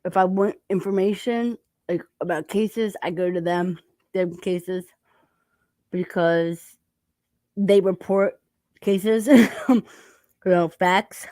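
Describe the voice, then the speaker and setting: A woman's voice: on the low side, takes it slowly, long pauses, mellow, no room sound. A woman hosting a casual chat, talking while eating and laughing often. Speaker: channel host.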